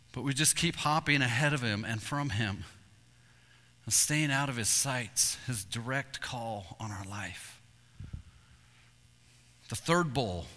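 A man preaching a sermon, telling hunting stories with animated delivery and acting out calls and voices. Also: mid-range voice. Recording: long reverb in a hall.

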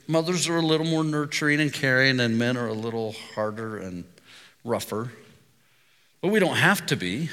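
Bright-voiced man preaching in a reverberant hall. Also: medium pitch. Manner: conversational storytelling preacher. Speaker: pastor. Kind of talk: sermon.

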